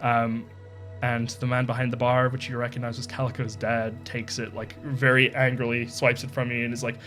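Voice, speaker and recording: A man's voice: medium pitch, completely flat delivery, moderate pace, fairly bright tone, faint music behind. Man rambling as dungeon master. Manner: loose and rambling, with many fillers and laughs. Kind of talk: narrating a tabletop game.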